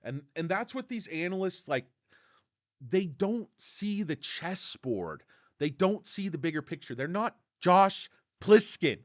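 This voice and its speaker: Male streamer, lively swinging pitch, dry close mic, sarcastic casual rant. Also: unhurried, no echo. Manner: animated, sarcastic, mocks analysts with put-on voices. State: tired. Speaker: stock commentary livestream host.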